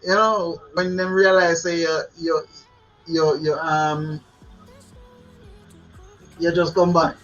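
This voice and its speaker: Bright-voiced Jamaican man giving chatty advice. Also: fairly high pitch, steady tone, measured pace, pauses often, soft background music, low-quality recording. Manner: chatty, laughs often, repeats words. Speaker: channel host. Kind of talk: casual advice talk to camera.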